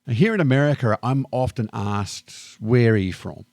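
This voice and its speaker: A middle-aged Australian man with an Australian accent, reflecting calmly and thoughtfully in a personal vlog monologue. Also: mid-range voice, creaky, no echo, clean studio sound. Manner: calm, unhurried and thoughtful. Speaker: vlogger.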